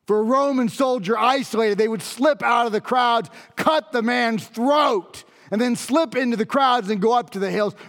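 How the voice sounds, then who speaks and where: A man playing an awestruck Roman centurion. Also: high voice. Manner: intense, pleading, repeats phrases for emphasis. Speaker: monologue performer. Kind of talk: dramatic first-person monologue. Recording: long reverb of a large hall.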